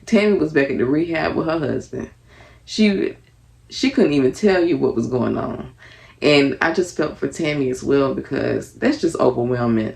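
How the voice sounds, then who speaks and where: Low gravelly woman chatting casually. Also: darkish tone. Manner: chatty, earnest, lots of fillers. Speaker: TV reality show reviewer. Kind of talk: casual reaction commentary.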